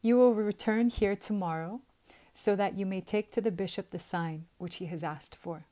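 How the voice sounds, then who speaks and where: A woman with a Southern US accent voicing a gentle, loving holy mother who speaks to her son. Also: medium pitch, moderate pace, close to an everyday voice. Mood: tender.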